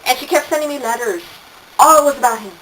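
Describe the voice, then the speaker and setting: A woman's voice: sits high, fast, a bit bright, recorded from a distance, a little hiss or hum, rough recording. An older woman talking casually on camera, telling stories with laughing asides. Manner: chatty storytelling, acts out quoted voices, laughing asides. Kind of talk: casual monologue.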